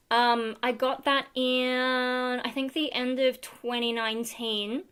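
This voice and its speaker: Her voice sits high with little pitch movement, slow, smooth and a bit bright. The Australian livestream host talks casually with viewers from a room at home, filling the chat with giggles and fillers.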